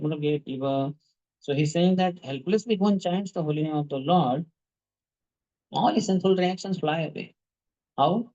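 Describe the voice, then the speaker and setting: A man's voice: on the high side, highs cut off. A man giving a devotional talk, telling stories with rhythmic repetition and questions to his listeners. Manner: animated storyteller, repeats words rhythmically, asks the audience questions. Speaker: speaker at a devotional class.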